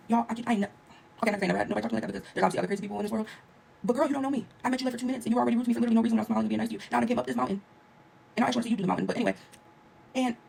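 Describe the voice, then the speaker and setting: A young woman vlogger telling a story to her viewers in a fast, animated, casual rant. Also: on the high side, vocal fry, a little hiss or hum. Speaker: travel vlogger.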